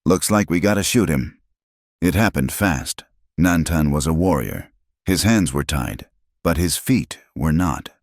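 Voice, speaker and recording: Very deep-voiced dramatic male storyteller. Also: darkish tone, no room sound, studio quality. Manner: dramatic, emphatic. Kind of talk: scripted dramatic narration.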